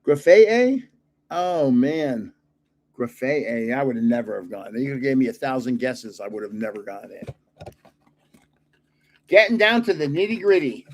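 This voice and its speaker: A man's voice: medium pitch, animated, moderate pace, long pauses, a little hiss or hum. An older man hosting his own channel, chatting casually while opening card packs and chuckling at his own guesses. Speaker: card-collecting channel host. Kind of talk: casual pack-opening chat.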